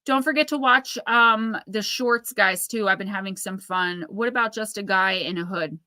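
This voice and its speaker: A woman's voice: mid-range voice, normal speed, pushed and bright, dry recording. A woman in her thirties hosting a casual livestream, rambling and chatty as she reads out viewer comments. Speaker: livestream host.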